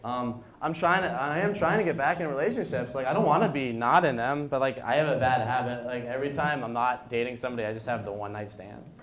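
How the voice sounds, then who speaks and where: A man in his twenties doing an animated stand-up set in a bar, jumping into loud high voices for the people he quotes. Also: fast talker, hardly any pauses. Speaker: stand-up comedian. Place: bar and grill comedy night. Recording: echoey room, stage mic. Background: audience laughter.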